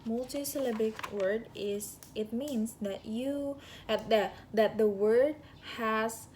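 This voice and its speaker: Slow, halting young woman reviewing lessons. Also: a little high, darkish tone, slight background noise. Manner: halting, searching for words, self-correcting. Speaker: student giving a class review. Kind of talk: spoken course review.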